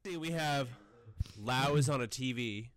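A man's voice: mid-range voice, fairly bright tone, dry recording. Young man recapping a film, casual. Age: young adult. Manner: recaps scenes, acting out lines in quick quoted asides. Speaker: podcast host. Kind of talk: casual chat.

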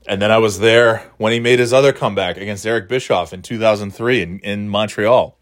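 A man's voice: lowish voice, fairly quick, few pauses. A man hosting his own podcast who rambles casually, swears freely and laughs often as he talks. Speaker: podcast host. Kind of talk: casual solo chat.

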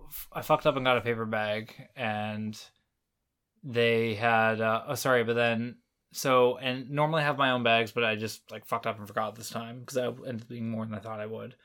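A man's voice: medium pitch, flat delivery, moderate pace, fairly bright tone. A man co-hosting a podcast, telling a story in casual chat, rambling and correcting himself as he goes, with frequent swearing. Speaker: podcast co-host.

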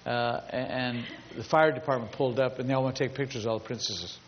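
Emphatic pastor in a reverberant hall. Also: male voice, mid-range voice, steady tone, fast talker. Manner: emphatic, builds long repetitive lists. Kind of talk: storytelling sermon. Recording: dull lo-fi sound with long hall reverb.

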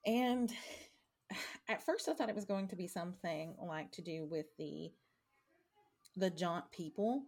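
A woman's voice: lowish voice, animated, unhurried, gravelly, long pauses, darkish tone. A woman casually discussing a book, rambling with many fillers.

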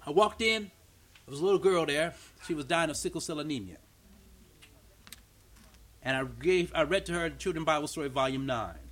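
A male pastor preaching an animated, story-driven sermon at a church meeting, acting out dialogue and repeating words for emphasis. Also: a little high, moderate pace, long pauses.

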